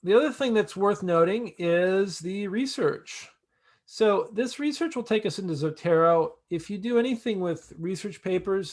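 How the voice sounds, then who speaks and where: Halting man leading a walkthrough. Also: on the high side. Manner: halting, many fillers and restarts, chuckles at asides. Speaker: project lead. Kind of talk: casual screen-share walkthrough.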